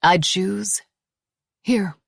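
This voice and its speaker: A woman voicing a defiant, quick-tempered man who blusters and threatens. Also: mid-range voice, vocal fry, a bit bright, no echo, clean studio sound, heavily acted. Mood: menacing.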